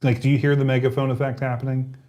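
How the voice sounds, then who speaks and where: A man's voice: medium pitch, level tone, warm tone. A man co-hosting a tech livestream, chatting casually and laughing often while testing gear. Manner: laughs often, quick and playful. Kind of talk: casual chat.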